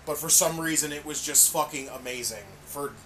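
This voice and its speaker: A man's voice: a little high, a little fast, pushed and bright, a little hiss or hum. A man co-hosting a casual wrestling podcast, swearing freely and laughing often. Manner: profane, enthusiastic, laughs often. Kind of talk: casual chat.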